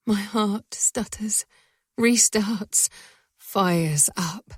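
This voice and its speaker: A woman narrating a first-person romance audiobook in a soft, breathy voice that often sinks to a whisper. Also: mid-range voice, steady tone, a little slow, no echo, clean studio sound.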